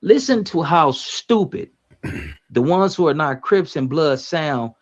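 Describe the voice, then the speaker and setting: A man's voice: on the high side, lively intonation, slow pace, dull audio. A man hosting a casual livestream, bluntly reading out viewer comments and talking back to chat in a profane, direct way.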